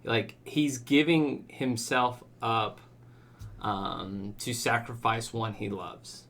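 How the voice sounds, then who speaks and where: A man's voice: mid-range voice, steady tone, slow pace, vocal fry, fairly bright tone. A man co-hosting a casual podcast chat, talking in a rambling way with lots of "like" fillers. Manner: rambling, many "like" fillers, acts out quoted lines. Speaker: podcast co-host.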